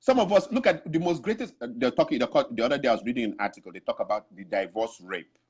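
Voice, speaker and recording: A man's voice: mid-range voice, expressive, quick pace, darkish tone, husky. A man giving an impassioned, preachy talk to other men, urging them to change and acting out other people's words along the way. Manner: preachy, urgent, mimics others mid-story. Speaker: speaker addressing African men. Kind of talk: impassioned exhortation with acted-out quotes.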